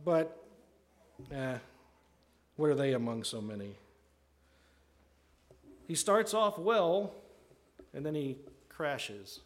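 A man preaching a sermon in a conversational way, often asking "right?" and acting out the voices of people he quotes. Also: a little high. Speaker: pastor.

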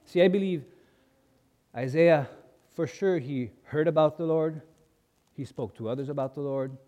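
Male preacher, animated storyteller, reverberant church hall. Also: on the high side, moderate pace, dull audio. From grew up as a missionary kid in a mission. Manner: animated storyteller, acting out voices in quotes. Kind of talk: sermon with personal storytelling.

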